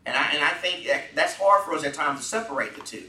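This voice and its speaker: Leading a Bible study, a man with a bright, forceful, somewhat high voice earnestly questions the group, speaking quickly with lively intonation. The sound is echoey, picked up from far across the room.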